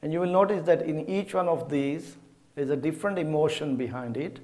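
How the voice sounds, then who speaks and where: A middle-aged man teaching about mantra chanting in a measured, deliberate way. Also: fairly high pitch, a little mellow. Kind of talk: slow explanatory teaching.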